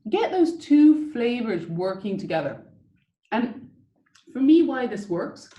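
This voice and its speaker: A woman leads a tasting over a video call, talking in a chatty, eager way and coaching her listeners through each step. Her voice sits at a middling pitch. The sound has a noticeable roomy echo. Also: highs cut off. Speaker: whisky tasting host.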